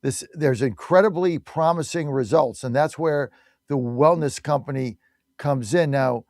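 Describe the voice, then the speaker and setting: A male talk radio host with a fairly high voice, hammering his points with blunt, mocking repetition. The sound is dry and close, with no room around it. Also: unhurried, a little mellow, dry recording. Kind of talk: opinionated talk radio monologue.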